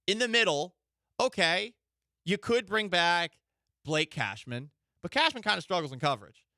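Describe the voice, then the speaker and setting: A man hosting a sports radio show, talking in an animated, joking way with rambling asides. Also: sits high, normal speed, dry recording, clean studio sound.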